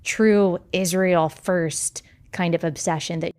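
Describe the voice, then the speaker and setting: A woman's voice: fairly low pitch, steady tone, slow pace, darkish tone. A woman speaking as a guest in an interview, choosing her words carefully. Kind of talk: interview talk.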